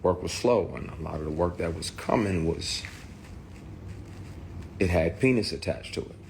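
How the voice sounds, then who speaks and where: A man's voice: deep voice, moderate pace, creaky, slight background noise. A man telling a personal story in a candid, profane way, heated and blunt. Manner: profane, heated, shouts in retold quotes. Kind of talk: candid personal account to camera.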